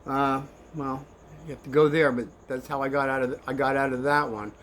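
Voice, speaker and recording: An older man telling kids a story in a rambling, animated way, swinging between hushed and excited. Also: medium pitch, brisk, a little hiss or hum.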